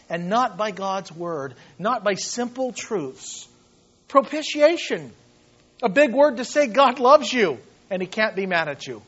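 A man preaching a sermon as pastor, impassioned, dropping to hushed tones and rising to loud emphasis. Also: extremely high pitch, dull audio.

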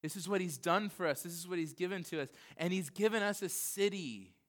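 A man's voice: sits high, a little fast, fairly bright tone. A man in his thirties, a pastor, preaching a conversational sermon that moves from casual asides to earnest emphasis.

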